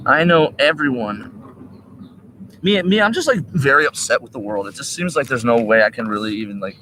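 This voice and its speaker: Man, lively swooping pitch, rambling profane park livestreamer, high, faint outdoor noise. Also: moderate pace, rough recording. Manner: rambling, profane, sing-song asides. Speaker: live streamer.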